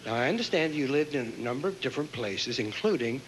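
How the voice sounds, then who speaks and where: Give me a man hosting a live pageant with quick joking banter, recorded noisy. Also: medium pitch, lively intonation. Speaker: pageant host. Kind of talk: live stage interview.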